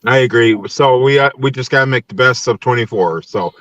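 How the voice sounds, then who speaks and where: A man's voice: medium pitch, brisk, a bit bright, no room sound, muffled recording. A young adult man from Tennessee hosting a podcast in casual chat, easygoing, laughing often and using many fillers. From Nashville, Tennessee. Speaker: podcast host.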